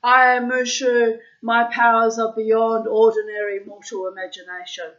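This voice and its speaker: Mushu, booming toy dragon, as a woman puts him on. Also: flat delivery, normal speed, fairly bright tone, natural voice. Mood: grandiose. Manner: booming and grandiose. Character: boastful little cartoon dragon toy, male. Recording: dull lo-fi recording.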